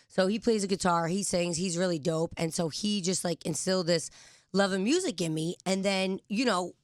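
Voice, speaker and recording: A young woman talks as a guest in a radio studio. Her voice sits a little low, and she chats quickly and laughs easily. The sound is close and dry. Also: dry recording. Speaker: guest rapper. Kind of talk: casual interview chat.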